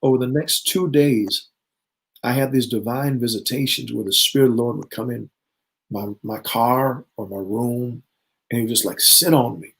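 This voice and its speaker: A man's voice: medium pitch, normal speed, creaky, fairly bright tone, poor audio. Earnest middle-aged man telling his story. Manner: earnest storyteller who acts out remembered dialogue. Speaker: bishop and guest. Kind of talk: personal testimony in conversation.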